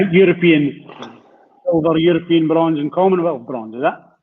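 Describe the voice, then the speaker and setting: A man's voice: on the high side, fairly quick, slight background noise. A man with a Scottish accent hosting a casual interview, chatting with short friendly replies. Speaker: podcast host. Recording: tinny phone-like line.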